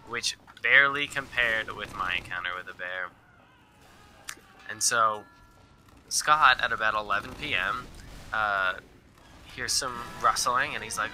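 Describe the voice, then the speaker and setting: Young male storyteller, loose and rambling, bright voice, faint background noise. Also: mid-range voice, moderate pace. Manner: rambling, filler-heavy, quotes people. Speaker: storyteller guest. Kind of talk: casual storytelling.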